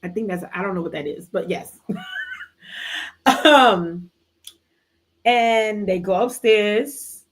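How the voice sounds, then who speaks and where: Animated woman host recapping a book. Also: mid-range voice, slow pace, pauses often. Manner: animated, slangy retelling with playful asides. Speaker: book club livestream host. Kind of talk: casual book recap chat.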